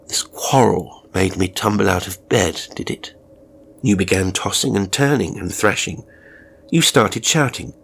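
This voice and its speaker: A male narrator tells a first-person horror story in a rambling, confessional way and often stops to restart his words. His voice is husky and gravelly and sits low. The delivery is hesitant throughout. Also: measured pace, a bit bright.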